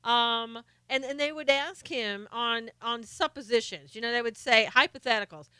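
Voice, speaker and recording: A woman's voice: a little high, moderate pace, pushed and bright, smooth, no room sound. A middle-aged woman hosting a live stream, chatting casually and sarcastically about politics while greeting viewers by name.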